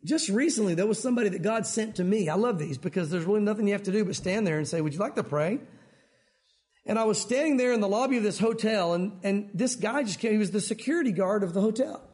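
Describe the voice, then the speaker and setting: This man's voice sits high, and he talks fast with few pauses as he delivers a chatty Bible teaching to a group of men. He's an animated storyteller who keeps dropping in "you know."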